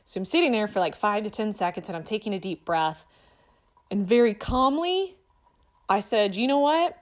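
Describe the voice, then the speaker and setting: A coach in her thirties tells her viewers a personal story in a casual motivational talk to camera, sounding earnest and assertive. Her medium-pitched voice is animated and moves at a normal speed.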